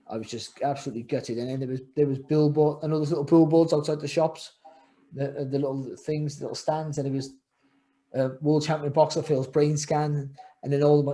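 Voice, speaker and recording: Middle-aged man, podcast guest, rambling and reflective, voice a touch high. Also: mellow. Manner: rambling, repeats words and restarts often, reflective. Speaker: guest, former world champion boxer. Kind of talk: candid podcast interview.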